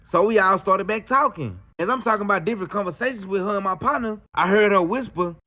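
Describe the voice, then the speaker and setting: A man telling a story in casual slang, animated and acting out the people in it. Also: high-pitched, quick pace. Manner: animated, slangy, acts out quotes.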